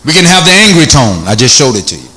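A middle-aged man preaching an energetic sermon, shouting in bursts and acting out different tones of voice. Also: medium pitch, fast, roomy sound.

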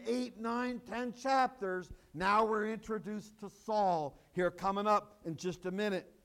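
A man with a high-pitched voice preaching a sermon. He acts out the scripture he quotes and drives his points home by repeating them. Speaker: pastor.

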